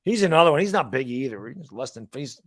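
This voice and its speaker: A man co-hosting a live sports talk stream, mostly quick agreement with his partner and then stretches of his own opinion. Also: medium pitch, big pitch swings, a bit bright, dry recording, clean studio sound. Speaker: co-host.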